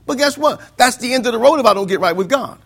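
Preacher, male, high and bright, call-and-response delivery. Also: animated, fast, creaky, husky. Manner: swings from loud declaiming to quiet asides. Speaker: pastor. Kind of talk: sermon.

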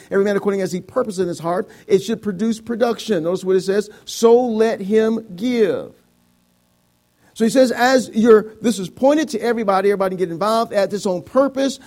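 A man's voice: sits high, darkish tone. A man preaching a sermon, playful, acting out the voices of people giving grudgingly as an object lesson. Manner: playful, acts out voices of reluctant givers.

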